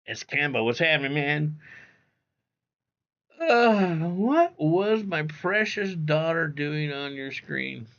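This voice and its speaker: A man's voice: a little high, unhurried, fairly bright tone, lo-fi sound. A man streaming live, reading viewer comments in a blunt, profane way, repeating himself and calling people bro. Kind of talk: casual livestream chat reading viewer comments.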